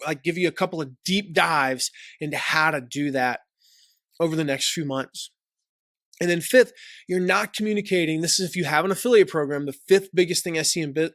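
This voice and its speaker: An energetic man coaches his viewers on online business, cracking jokes and mimicking people with quick repeated phrases. His voice sits fairly high. The recording is close and dry. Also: no echo. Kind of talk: direct-to-camera tips video.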